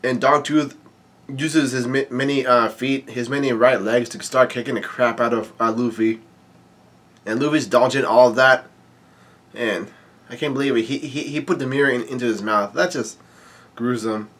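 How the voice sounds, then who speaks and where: A man casually reading a manga aloud and commenting on it, halting often with fillers and restarts. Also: mid-range voice, steady tone, fairly bright tone.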